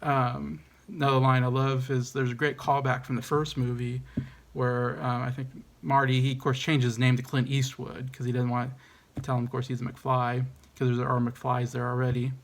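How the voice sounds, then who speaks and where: Gravelly-voiced man rambling about a movie. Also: mid-range voice, level tone, moderate pace. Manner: hesitant, rambling, many ums and restarts; enthusiastic. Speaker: movie reviewer. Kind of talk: casual movie review.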